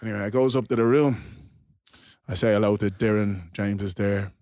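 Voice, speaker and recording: A man's voice: on the low side, normal speed, darkish tone, no echo, clean studio sound. A man telling a teasing, sweary story in casual banter with friends. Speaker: podcast guest.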